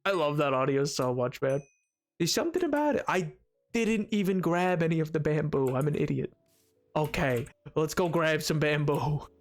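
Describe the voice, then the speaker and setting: Male streamer, high and expressive, unhurried, giggly, rambling casual chat. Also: faint music behind. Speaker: livestreamer. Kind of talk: casual chat while gaming.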